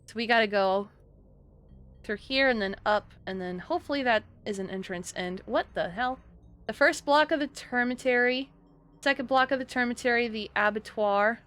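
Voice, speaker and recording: A young woman livestreaming a game, talking half to her chat and half to herself. Her voice sits a little high, and she jumps into sharp, high exclamations when something surprises her. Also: normal speed. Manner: chatty, muttering to herself, sudden high exclamations. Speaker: streamer. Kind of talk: live gameplay commentary.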